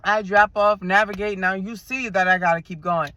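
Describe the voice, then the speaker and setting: Bright-voiced New York woman telling stories. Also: mid-range voice, normal speed. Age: 20s. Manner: animated, slangy, acts out quotes. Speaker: vlogger. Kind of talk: casual storytelling chat. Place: inside a car.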